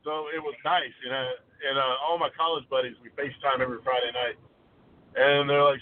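A man calling in to a sports radio show, telling animated stories about football and his friends. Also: mid-range voice, fairly quick. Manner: animated storyteller, does voices of friends. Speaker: caller. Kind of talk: casual sports talk. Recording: tinny phone line.

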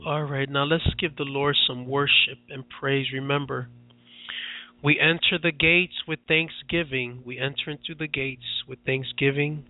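A man's voice: medium pitch, fairly even intonation, unhurried. A man who is a radio preacher, leading fervent prayer with repetitive, impassioned declarations. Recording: tinny phone-like line.

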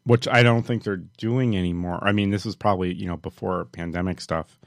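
A man's voice: low voice, fairly even intonation, a little fast, creaky, no echo, studio quality. A man co-hosting a podcast in casual chat, reacting with short wows and rambling asides. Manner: reactive, short replies like "wow". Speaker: podcast co-host.

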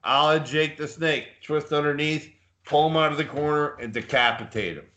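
A man's voice: on the high side, moderate pace, fairly bright tone, slight background noise. A man co-hosting a casual live podcast, a boastful, rambling storyteller who talks up his own toughness. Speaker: podcast co-host.

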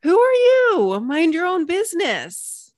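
A woman voicing a small, jumpy squirrel in a story she tells while explaining an idea, using a high, squeaky voice that swings from snippy to gushing. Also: sing-song, normal speed, dry recording, studio quality.

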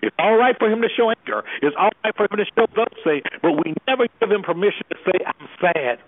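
A man's voice: high-pitched, animated, fast. A man who works as an anger management specialist, speaking with preacher-like fervor and throwing out rhetorical questions. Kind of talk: impassioned talk on a call-in discussion. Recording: tinny phone line.

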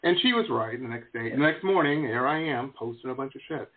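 Speaking fast in a mid-range voice, the same kind of middle-aged interview host keeps things casual and jokey. He's animated and often performs the voices of people he quotes, and the sound is thin and phone-like.

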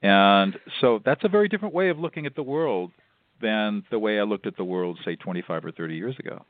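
An older man who is a mediator and law professor explains things step by step as a guest on a radio interview, measured and instructive, repeating himself. His voice is fairly low with lively intonation. The recording is dry and comes over a tinny phone line.

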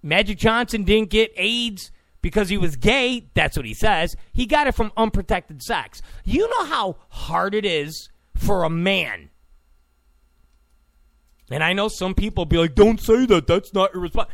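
A mocking, exasperated man rants through a commentary in a high, gravelly voice that swings widely up and down. He takes his time, and the sound is close and dry. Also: sing-song, unhurried, a bit bright, no room sound. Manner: exasperated, mocking, repeats "come on". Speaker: political commentator. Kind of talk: ranting commentary.

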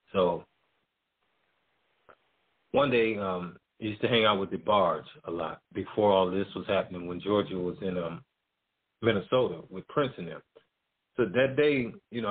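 A middle-aged man, a music promoter, telling a story as a guest in loose, slangy casual talk. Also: fairly low pitch. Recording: tinny phone-like line.

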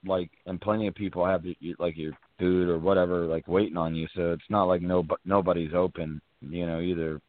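Low-voiced laid-back man on a lo-fi podcast. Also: level tone, brisk, hardly any pauses, no echo. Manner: laid-back, laughs often, slangy. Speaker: podcast co-host. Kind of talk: casual chat. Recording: dry, phone-like lo-fi audio.

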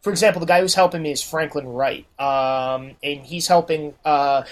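A man's voice: a little high, moderate pace. A man, a podcast guest, telling a profane story in casual talk and acting out the voices of the people in it. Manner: animated, acts out quoted voices.

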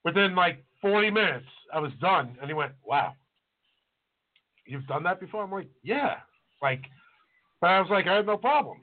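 A man's voice: high voice, big pitch swings, a little fast. A man, a cook and podcast co-host, chatting casually and telling stories from past kitchen jobs. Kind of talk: casual chat. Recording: tinny phone-like audio.

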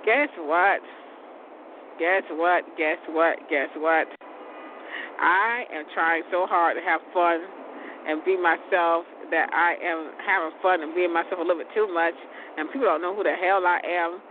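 A vlogger in her forties chats casually, rambling, repeating herself, and laughing a lot. Her pitch is fairly low and her pace a little slow, and the audio sounds tinny and phone-like with faint noise.

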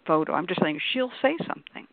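A lowish female voice with lively intonation, a quick pace and some vocal fry comes through with no echo. She's a panelist on a call-in radio show, conversationally explaining at length and performing the quoted voices in her examples over a dry, tinny phone-style line.

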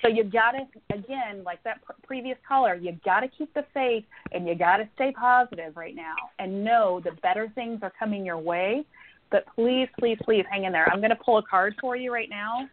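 A psychic medium guest from the northern United States gives a caller a reading, reassuring and affectionate as she calls her honey and sweetheart. Her voice is mid-range at normal speed. The recording has a tinny phone-line sound.

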